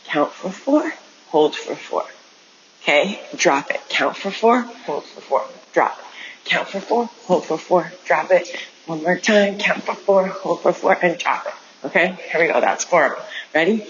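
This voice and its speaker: A woman's voice: on the low side, expressive, measured pace, lo-fi sound, slight background noise. A woman teaching an online dance class, coaching movement step by step and counting out the beats. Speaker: dance instructor.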